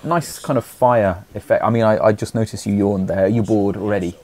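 A man's voice: on the low side, fairly even intonation, fairly quick, darkish tone. A young man giving casual, joking commentary while playing a video game with a friend. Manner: joking, bossy banter with a friend. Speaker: let's play commentator.

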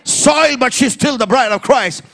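A man preaching an emphatic sermon in church, building to shouted refrains and calling on the congregation to repeat after him. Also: very high voice, moderate pace, vocal fry. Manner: emphatic preaching, rising to shouts, call-and-response. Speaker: pastor.

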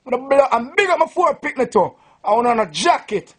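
A man's voice: very high voice, very animated, brisk, husky. A Jamaican man, a sound system selector, drunk and boasting in a rambling, profane rant to the camera.

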